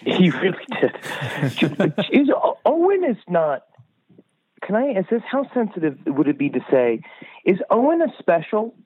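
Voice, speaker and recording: A man calling in as a podcast guest, riffing loudly with profane, rambling comic bits. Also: high voice, wildly swooping pitch, a little slow, husky, no echo, highs cut off. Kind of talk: casual chat. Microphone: remote line.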